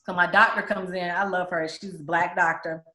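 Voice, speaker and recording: A woman's voice: on the low side, moderate pace. A woman tells her own story candidly in an interview, acting out the voices of people she quotes. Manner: candid, animated, acts out other people's voices. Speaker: guest telling her story. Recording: roomy echo.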